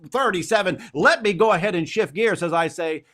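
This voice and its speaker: Man, fundraising host, fired-up, rallying, slightly high voice. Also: brisk. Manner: energetic, rallying, calls out donor names. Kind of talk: live fundraising appeal. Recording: virtual gala stream.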